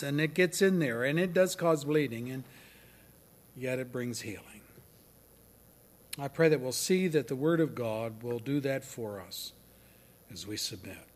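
A man preaching a sermon, swinging from loud declarations down to near-whispers. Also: mid-range voice. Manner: slow and deliberate. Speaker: pastor.

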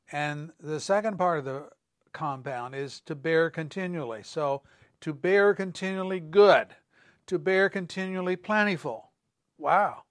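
Slow, deliberate pastor preaching. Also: male voice, fairly high pitch, no room sound, clean studio sound. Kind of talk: sermon.

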